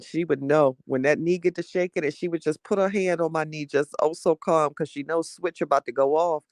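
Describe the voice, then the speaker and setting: A chatty woman hosting a morning stream, talking straight to her viewers. She winds herself up fast and laughs through it. Her voice sounds dry and close, with no room around it. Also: sits low, dry recording. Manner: animated and heated, quick to rile, laughs between rants; chatty, talks straight to the audience. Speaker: livestream host reading viewer chat. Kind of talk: casual morning chat with viewers.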